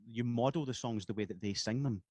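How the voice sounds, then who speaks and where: A Scottish musician chatting on a podcast over a video call, rambling with many restarts and easy laughs. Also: male voice, mid-range voice, brisk, a little mellow, no room sound. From Scotland. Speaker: guest musician. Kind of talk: casual podcast chat.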